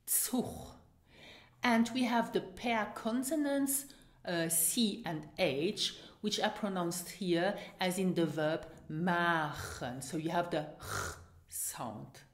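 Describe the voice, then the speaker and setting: A woman with a Luxembourgish accent gives a pronunciation lesson at a very slow, careful pace. Her pitch moves in a lively way as she repeats each word for the listener to copy. The room around her has a noticeable echo. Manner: patient, drills words for repetition. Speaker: language teacher. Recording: roomy echo.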